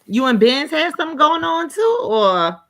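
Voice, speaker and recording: A woman co-hosts a livestream panel over an online call. Her voice is high and bright, with a sharp edge. She asks curious, teasing questions and reacts quickly. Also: sing-song.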